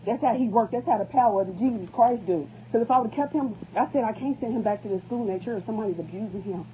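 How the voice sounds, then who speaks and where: A woman's voice: fairly high pitch, fast talker, slight background noise. A distraught mother speaking to camera, pleading and repeating herself. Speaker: parent. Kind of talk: emotional phone vlog. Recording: tinny phone-quality recording.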